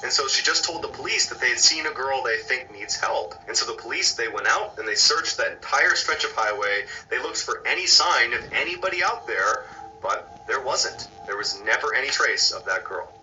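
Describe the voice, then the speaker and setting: A man telling a scary true story in a scripted, hushed and dramatic narration. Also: medium pitch, lively intonation, moderate pace, distant mic, muffled recording, soft background music.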